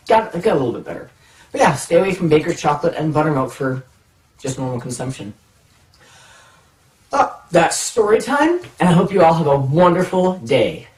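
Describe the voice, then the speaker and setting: Animated man telling a funny story, echoey. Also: on the high side. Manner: animated, self-mocking, acts out voices in his stories. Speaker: storytelling vlogger. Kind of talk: comic personal story time. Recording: echoey room, mic far off.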